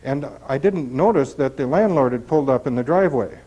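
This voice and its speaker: Mellow-voiced man giving a recovery talk. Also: medium pitch, expressive, fairly quick, breathy edge, highs cut off. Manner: conversational, asks rhetorical questions. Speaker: recovery speaker. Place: retreat center meeting room.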